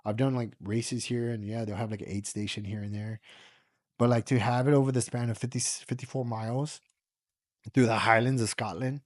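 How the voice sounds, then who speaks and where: A man's voice: medium pitch, steady tone, moderate pace, no echo, studio quality. A man from the United States telling a personal story in a casual, rambling way, full of fillers and the odd swear word. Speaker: podcast guest.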